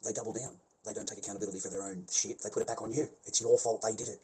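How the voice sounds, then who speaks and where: A rapid-fire rant from an Australian man, his mid-range voice dark in tone. Nonstop swearing, repetition, and laughter cut through his rambling, and noisy background hiss fills the recording.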